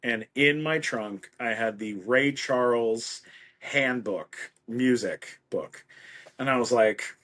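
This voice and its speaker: Man, middle-aged guest, mid-pitched; animated storyteller who acts out everyone he quotes. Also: slow. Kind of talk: casual anecdote.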